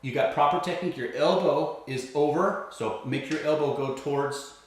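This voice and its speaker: A man's voice: fairly high pitch, moderate pace. A male violin teacher walking through a piece step by step, explaining patiently and checking in with a frequent "right?". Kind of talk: step-by-step music lesson. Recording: roomy echo, mic set at a distance.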